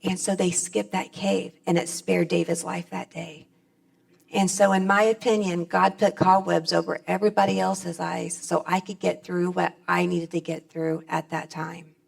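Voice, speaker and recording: A woman's voice: lowish voice, flat delivery, normal speed, gravelly. A middle-aged woman speaking on stage at a convention, giving a plainspoken, folksy personal testimony.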